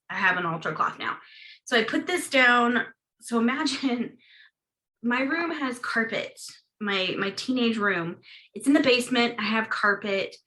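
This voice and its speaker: A woman's voice: medium pitch, sharp tone, low-quality recording. A woman hosting a casual video-call chat, telling a story with lots of laughs and fillers and acting out her own past reactions. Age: adult, recalls her teenage years. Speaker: host of a witchcraft group video chat.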